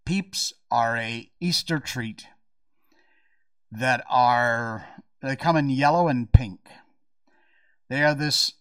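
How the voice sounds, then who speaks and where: An American man hosting a podcast, giving wry, animated commentary on news and drawing out words for effect. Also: medium pitch, slow pace, pauses often. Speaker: podcast host. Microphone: podcast mic.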